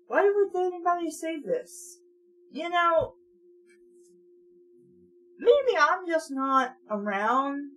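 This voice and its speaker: A woman's voice: extremely high pitch, animated, slow pace, long pauses, fairly bright tone. A young woman reading a children's horror book aloud and interrupting it with sarcastic, mocking asides. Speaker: book reader and commentator. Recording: distant mic with faint hum.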